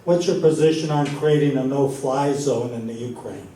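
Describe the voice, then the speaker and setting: A man's voice: medium pitch, moderate pace, warm tone. A man from the audience introduces himself with a self-deprecating joke and asks a plain question. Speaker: audience member asking a question. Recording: distant, very echoey hall with faint hiss.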